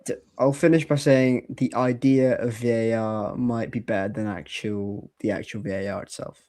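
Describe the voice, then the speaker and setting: A man co-hosting a casual football podcast who talks in a hesitant, measured way and often trails off mid-thought. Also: medium pitch, steady tone, dark tone, no echo, studio quality. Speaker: podcast co-host.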